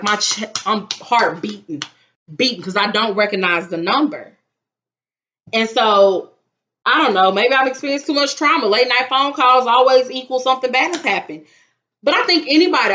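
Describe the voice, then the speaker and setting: A woman's voice: on the high side, normal speed. A young woman, telling a story in casual, dramatic vlog chat. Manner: animated, dramatic retelling with acted-out quotes. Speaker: vlogger. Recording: dull lo-fi sound.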